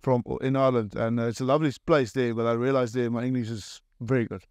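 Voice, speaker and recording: Guest: man, halting laughing anecdotes, very dry close sound. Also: medium pitch, steady tone, darkish tone, no echo. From South Africa. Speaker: guest, former rugby player. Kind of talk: casual storytelling.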